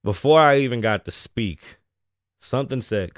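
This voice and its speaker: A man's voice: mid-range voice, animated, moderate pace, dry recording, studio quality. A man hosting his show, telling a casual, profane story time with lots of laughing. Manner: laughs often between lines. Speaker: host.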